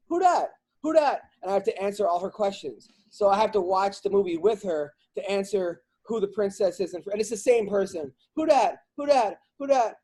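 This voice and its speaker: In a casual podcast conversation, a comedian acting as host vents with animated, rambling humor and frequent restarts. His voice is high-pitched.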